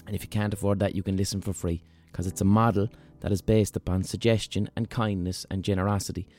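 A man's voice: on the low side, flat delivery, quick pace, darkish tone, faint music behind. A man hosting a podcast in casual chat, rambling, jokey and irreverent. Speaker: podcast host.

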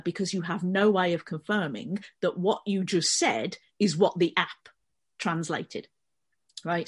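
A middle-aged woman with a Birmingham accent, talking through ideas at length as a guest in a casual podcast discussion. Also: lowish voice. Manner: conversational, explaining at length. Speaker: panel guest columnist.

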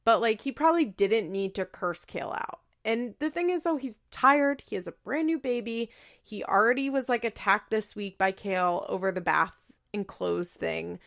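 A woman's voice: mid-range voice, moderate pace, creaky, a bit bright. A woman recapping a show in a casual, opinionated and sarcastic way, full of fillers. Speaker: podcast host recapping a reality show. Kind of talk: casual chat.

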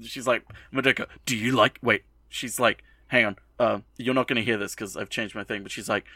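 A young man co-hosting a podcast, recapping an anime episode in a rambling, profane way and tossing in quick bits of mock dialogue. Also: lowish voice, steady tone, background noise. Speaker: podcast co-host.

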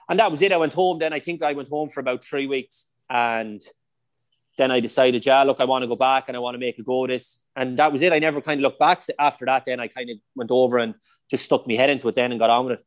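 A man's voice: medium pitch, fast, dry recording. A middle-aged Irish man, a former footballer, telling anecdotes in a casual podcast interview, with lots of "like" and "you know".

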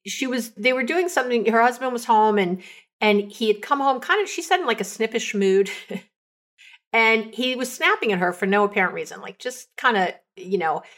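A woman coach hosting an advice podcast, retelling client stories in a chatty, animated way. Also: on the high side, normal speed. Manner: lots of "like" and "you know" fillers.

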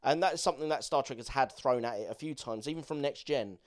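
Man, podcast co-host, casual rambling film chat, enthusiastic, mid-pitched voice. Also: fast.

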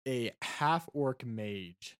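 A man narrates a tabletop game as its game master, loose and quick to laugh. His voice sits at an ordinary pitch and is recorded close and dry, with almost no room sound. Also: expressive, fairly bright tone, clear, resonant tone, no room sound.

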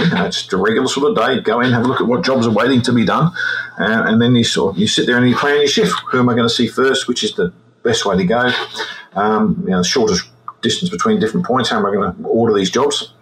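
A man's voice: mid-range voice, fairly bright tone, a little hiss or hum, poor audio. A man in his sixties with an Australian accent, a retired forensic examiner telling his story in an interview, often repeating words as he goes. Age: 60s. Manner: halting, repeats words as he recounts.

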